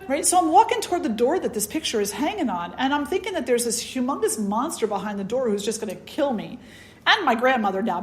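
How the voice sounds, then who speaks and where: Woman spiritual teacher, conversational storyteller, animated and filler-heavy. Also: a little high. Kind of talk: storytelling talk.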